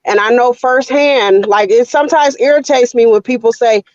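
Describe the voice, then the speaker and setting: A woman speaking as a panel guest, measured and hesitant, with pauses and fillers. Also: on the high side, no room sound, muffled recording. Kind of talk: casual panel talk.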